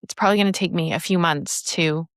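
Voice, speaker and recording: Podcast host, woman in her 50s, lively emphatic storyteller, dry close sound. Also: fairly low pitch, quick pace, dry recording. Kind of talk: casual chat, storytelling.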